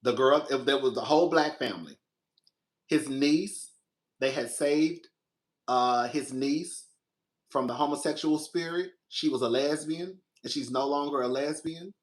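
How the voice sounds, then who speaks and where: A young man, the show's host, casually telling a personal story, animated, jumping into a high voice when he quotes his own reactions. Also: measured pace.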